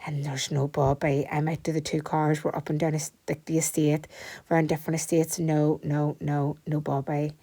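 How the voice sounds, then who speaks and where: A woman, telling a story at home in an animated, breathless way and sometimes dropping to a whisper. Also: sits low, normal speed. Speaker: home vlogger. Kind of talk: chatty storytelling vlog.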